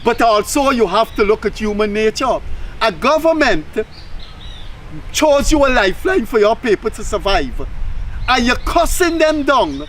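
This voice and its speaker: A Guyanese man hosts a talk show with emphatic, opinionated commentary and mocking asides. His voice sits very high for a man, and a faint hiss runs underneath. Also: sing-song, a little slow, a bit bright, poor audio.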